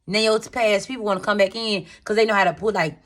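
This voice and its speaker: A woman's voice: mid-range voice, fairly even intonation, fast, fairly bright tone. Slangy, chatty woman tarot reader. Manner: candid, slangy, swears freely; chatty, rambling, addresses viewers as y'all. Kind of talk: casual tarot reading to viewers.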